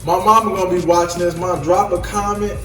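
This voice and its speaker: Chatty cook in an echoey room. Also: male voice, high voice, fairly even intonation, brisk, fairly bright tone. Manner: chatty, apologetic, addresses viewers as y'all. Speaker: home cook vlogger. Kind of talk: casual cooking vlog. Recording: echoey room with music behind.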